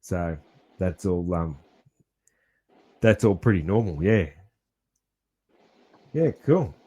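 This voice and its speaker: Casting: Australian man, podcast co-host, low-pitched, rambling and laid-back with casual swearing. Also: expressive, takes it slowly, warm tone, breathy edge. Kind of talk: casual chat.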